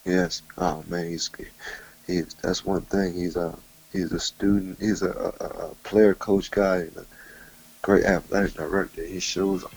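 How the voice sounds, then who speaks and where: A young former football player remembering his coach in a halting, heartfelt way, with many restarts. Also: deep voice, little pitch movement, creaky, a little mellow, husky, low-quality recording. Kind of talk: emotional phone-in remembrance.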